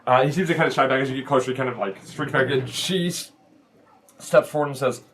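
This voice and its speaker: A man running a tabletop game as its game master. He sets the scene with long, descriptive narration. His pitch sits in the middle, and his delivery stops and restarts as he looks for words. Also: fairly bright tone, slight background noise. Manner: descriptive, halting, full of fillers.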